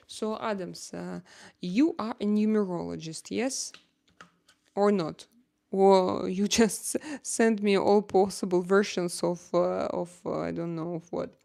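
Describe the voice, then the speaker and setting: Woman, Russian accent, middle-aged, unhurried, vocal fry, casual livestream host, playful, halting. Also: medium pitch, darkish tone. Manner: slow and hesitant, many filler sounds, playful teasing. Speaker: livestream host reading viewer comments.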